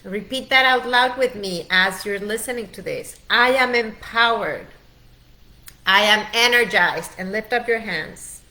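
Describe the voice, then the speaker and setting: A middle-aged woman as a wellness coach, leading a guided training in a slow, soothing, heartfelt way. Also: mid-range voice, sharp tone. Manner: slow, soothing, heartfelt, urges the listener to breathe.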